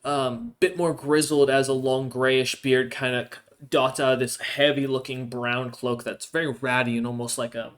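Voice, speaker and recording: A man's voice: mid-range voice, little pitch movement, normal speed, hardly any pauses. A man narrating as game master of a tabletop role-playing game, descriptive and rambling. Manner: rambling, many fillers and restarts, descriptive.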